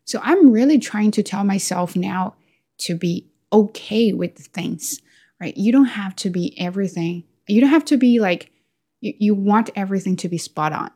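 A woman's voice: medium pitch, normal speed, slightly rough. A woman talking through her thoughts in a candid, self-questioning casual monologue. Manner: candid, self-questioning, with lively quoted asides. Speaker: vlogger.

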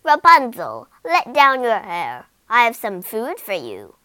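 A woman voicing a sly, wicked old witch who shouts and cackles in a storybook reading. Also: mid-range voice, very animated, unhurried, no room sound, voice pushed down. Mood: furious.

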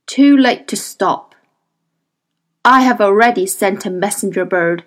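A woman's voice: mid-range voice, unhurried, lightly acted. A woman voicing a fanatical, dying male zealot in an audiobook, speaking harshly and solemnly. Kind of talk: audiobook character reading.

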